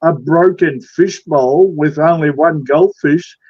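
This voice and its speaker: High-voiced man trading crude insults. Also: takes it slowly, dry recording, lo-fi sound. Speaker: livestream guest. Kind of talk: casual livestream banter.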